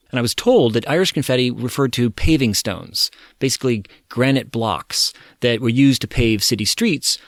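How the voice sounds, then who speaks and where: A man's voice: on the low side, dry recording, clean studio sound. A man hosting a history podcast, reading his script in a wry, conversational storytelling manner.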